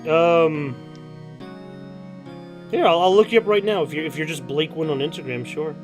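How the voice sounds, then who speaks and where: During a laid-back let's-play broadcast, a man chats with his audience over game music, rambling and repeating words a lot. His voice is a little high and his pace is normal.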